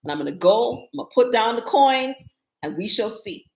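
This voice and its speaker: A woman in her fifties chatting casually in a live stream about her travels, telling stories in a wry, animated way. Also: fairly high pitch, normal speed, vocal fry, reverberant, rough recording. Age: 50s. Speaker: travel vlogger.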